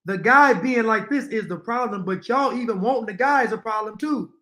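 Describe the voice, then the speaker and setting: Man, high-pitched voice, opinionated reaction commentary, talks to viewers. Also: a little fast, bright, forceful tone. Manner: opinionated, repeating points, talking to viewers. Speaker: commentary streamer.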